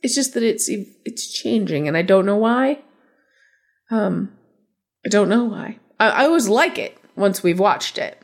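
A woman's voice: mid-range voice, lively intonation, a little slow, creaky. A woman co-hosting a podcast, talking casually with a nasal, stuffed-up voice from a cold, wry and self-mocking. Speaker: podcast co-host. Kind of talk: casual chat.

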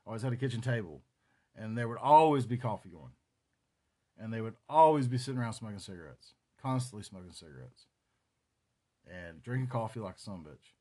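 A man's voice: on the low side, lively intonation, fairly quick, dark tone, breathy edge. A man in his forties with a North Carolina Southern accent, hosting a solo podcast and reminiscing in a rambling, profane, casual way. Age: 40s. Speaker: podcast host.

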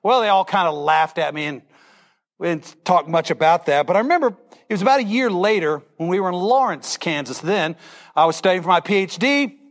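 A man's voice: high voice, animated, fairly quick. A middle-aged male pastor telling a Bible story in a sermon, acting out the characters' lines with animation.

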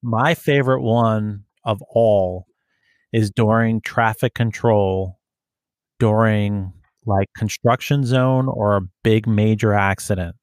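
Recorded dry with studio quality, this man speaks on the low side with fairly even intonation. He works as a police officer and, chatting casually, tells profane stories while imitating the people he deals with in quick put-on voices.

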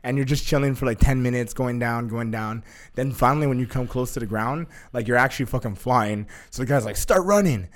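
A young man in casual chat, telling a story excitedly, swearing a lot and acting out what others said. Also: medium pitch, fairly quick. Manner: excitable, profane, acts out quotes with laughter.

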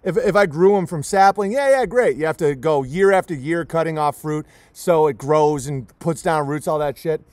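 A man's voice: a little high, moderate pace, few pauses, a little mellow, dry recording. A man hosting a livestream, delivering a profane, sarcastic, mocking rant. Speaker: livestream host. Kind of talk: profane ranting monologue.

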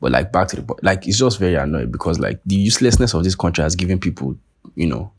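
A man's voice: deep voice, expressive, fast talker, breathy edge. A young Nigerian man with a Nigerian accent, hosting a podcast in a profane, sarcastic casual rant. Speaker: podcast host. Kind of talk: casual monologue.

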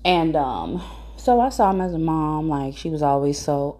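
Give me a low-voiced woman speaking straight to camera in a casual monologue. Her tone is husky and breathy, and her manner is blunt, profane and preachy as she tells stories and gives advice to mothers. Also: lively intonation, fairly quick, dark tone.

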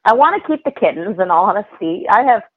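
A woman telling animated, swearing stories in a casual podcast chat, heard over a tinny line. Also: mid-range voice, fast, husky, dry recording. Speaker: podcast guest. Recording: tinny phone-like line, dry.

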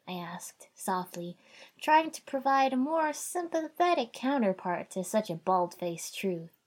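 A woman narrating a first-person fan fiction story in a wry, conversational way, raising her voice for shouted dialogue. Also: a little high, big pitch swings, measured pace, slightly rough. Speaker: audiobook narrator.

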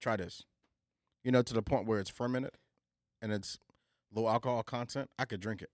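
A man's voice: on the low side, moderate pace, no room sound, clean studio sound. A man co-hosting a casual podcast chat, laid-back and slangy, telling playful stories. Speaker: podcast co-host.

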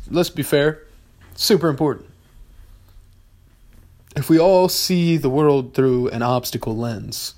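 Young male podcast host, casual and profane, rambling philosophical riff, average pitch. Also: darkish tone. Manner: rambling, heavy swearing, bursts of exasperation.

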